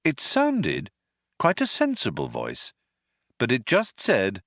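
A man reads an audiobook in a slow, deliberate way. His pitch leaps up and down as he voices each character. The recording is close and dry. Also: wildly swooping pitch, fairly bright tone, no echo. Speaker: audiobook narrator. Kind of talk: audiobook reading.

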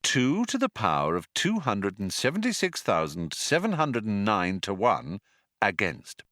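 A clever young woman crew member, read by a male narrator speaks quietly and patiently, with the calm of someone used to explaining things twice. The voice is fairly low and bright, recorded close and dry. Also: unhurried, no echo, heavily acted.

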